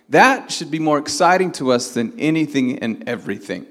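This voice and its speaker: A man preaching a sermon, his voice sitting a little high for a man. He stretches stressed words and pushes his lines upward for emphasis. The sound rings with a long reverb from a large hall. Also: expressive, normal speed, few pauses, fairly bright tone. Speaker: pastor.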